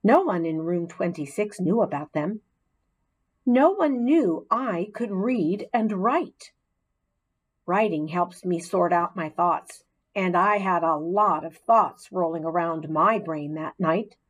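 A woman with a lowish voice narrates a children's storybook as an audiobook narrator, reading slowly with a lively, rising and falling melody. Her delivery is expressive and gently dramatic, though the audio quality is poor.

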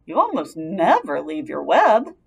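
A woman's voice: on the low side, huge pitch swings, a little slow, gravelly, husky, exaggerated voice. A woman voicing a young, innocent male pig who talks in a pleading, childlike way in a storybook reading.

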